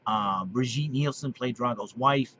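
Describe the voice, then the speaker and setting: A man in his late thirties talks casually as a video host, rambling, restarting his sentences and clearing his throat. The recording is dull and lo-fi with a faint hiss behind him. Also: mid-range voice, unhurried, fairly bright tone. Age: 30s. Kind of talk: casual monologue to camera. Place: basement.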